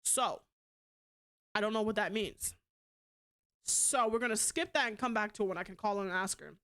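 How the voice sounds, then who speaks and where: Chatting casually on stream, a young adult woman swears freely and rambles, bluntly restarting her thoughts again and again. Her voice is mid-range and fairly bright, at a moderate pace.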